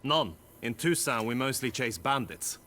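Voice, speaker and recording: An actor playing an earnest young knight who speaks in formal, old-fashioned courtly phrases in a video game. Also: male voice, mid-range voice, animated, moderate pace, sharp tone. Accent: mixed British Isles-like accent. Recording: game audio with faint noise.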